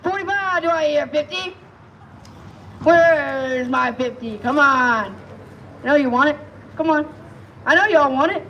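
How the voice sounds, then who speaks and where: A man's voice: extremely high pitch, measured pace, pauses often, sharp tone, lo-fi sound, a little hiss or hum. A man calling bids at a live auction, coaxing and pleading with the crowd and repeating each price. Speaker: amateur auctioneer.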